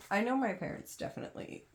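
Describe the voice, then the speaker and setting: A woman's voice: low-pitched, a little hiss or hum, rough recording. A young woman chatting casually while she sorts craft supplies at home, rambling and poking fun at herself with lots of fillers. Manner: rambling, self-deprecating, many fillers. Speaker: crafting vlogger. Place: home, kids in another room.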